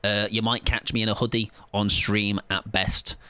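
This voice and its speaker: A man's voice: lowish voice, little pitch movement, normal speed, pushed and bright, no room sound. A man chatting casually on a live game stream, joking and rambling with plenty of self-mockery. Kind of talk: live gaming stream chat.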